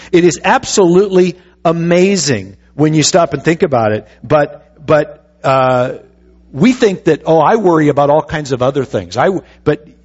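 A man's voice: medium pitch, highs cut off. A pastor preaching a conversational sermon, asking the congregation rhetorical questions and pressing his points with emphatic restarts.

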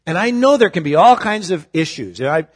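Man preaching with a higher voice. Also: big pitch swings, brisk. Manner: conversational, humorous preaching with sudden loud and soft turns. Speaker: pastor. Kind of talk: sermon.

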